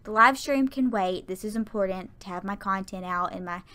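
A woman's voice: mid-range voice, moderate pace, sharp tone. A woman giving a casual, rambling voiceover for her game video, often stumbling over her words. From American South. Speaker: Sims YouTuber. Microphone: home voiceover mic.

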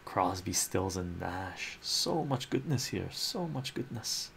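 A male host reading a romance comic aloud in an ASMR style, with soft, musing commentary. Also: sits low, lively intonation, takes it slowly, gravelly, slight background noise.

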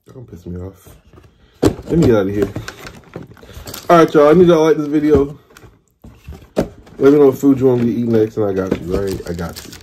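There's background noise as a thirties-aged food vlogger with a mid-range voice rants through his mukbang. Exasperated and swearing, he stretches his complaints out.

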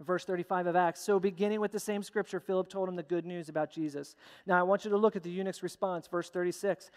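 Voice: medium pitch, steady tone, fast talker, hardly any pauses, a little mellow. A pastor preaching a sermon with emphatic, repeated phrases, recorded in a church sanctuary. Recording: long church hall reverb.

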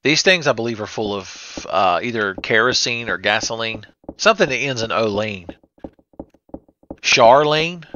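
Playing a retro horror game, a let's play host cracks crude, sarcastic jokes in a comedic commentary. His medium-pitched voice is animated, pushed and bright, and he speaks a little slowly. The slightly dull lo-fi mic picks up a faint hiss.

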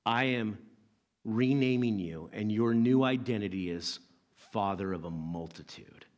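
A man's voice: on the low side, a little mellow, dull audio, voice pushed down, lightly acted. A man voicing God solemnly announcing a new name. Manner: slow, solemn declaration.

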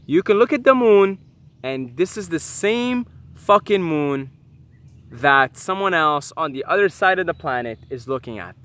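A young man muses aloud in a casual monologue, his voice bright and a touch higher than most men's. He swears freely and restarts his sentences often. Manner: animated, swearing, musing aloud with many restarts. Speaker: vlogger.

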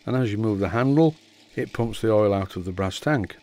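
A middle-aged man from the north of England, calmly and methodically narrating a model engine rebuild. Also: on the low side, fairly quick. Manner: calm, methodical explaining. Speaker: model engineering channel host. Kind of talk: workshop voice-over narration.

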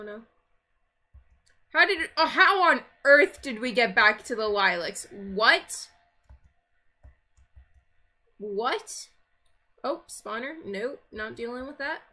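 A woman's voice: sits high, pushed and bright. A woman narrating her own gameplay in casual let's-play commentary, chatting to herself, grumbling and easily startled. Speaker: gaming video creator.

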